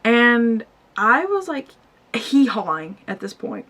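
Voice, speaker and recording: A woman's voice: a little high, very animated, slow pace, fairly bright tone. A young woman in her twenties talking casually to camera in a personal vlog, confiding and emotional. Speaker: vlogger. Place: store aisle, indoors. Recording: faint background music.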